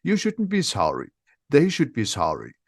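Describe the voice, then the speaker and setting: A huge, gentle bearded giant from a storybook , voiced by a male reader. He booms with blunt, indignant warmth, his voice lifted and animated. The sound is dry and close to the mic. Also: moderate pace, breathy edge, no echo, heavily acted.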